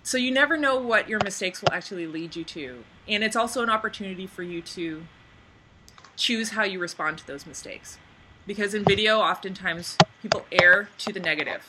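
Bright chatty woman coaching on camera. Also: fast talker, a little hiss or hum. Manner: chatty, lots of "like", acts out little scenes in a high voice. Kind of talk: casual webinar coaching. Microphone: computer microphone on a webinar.

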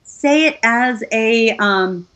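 Speaking in a fairly high, slightly bright voice and drawing out her words, a middle-aged voiceover artist coaches someone through instructions one step at a time. The conversation is casual, but her tone is earnest.

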